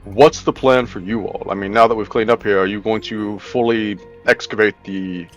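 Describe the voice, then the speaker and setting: A man playing in a tabletop game, chatting casually and getting excitable. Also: fairly low pitch, normal speed, muffled recording, soft background music. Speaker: player.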